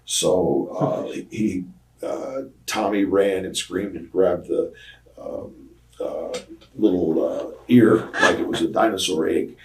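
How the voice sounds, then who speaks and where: An older man, a retired wrestler, rambles through road stories in a casual interview, packing in ums and uhs while acting out what others said. His low, gravelly voice moves slowly, sits far from the mic, and the poor audio carries a little hiss or hum.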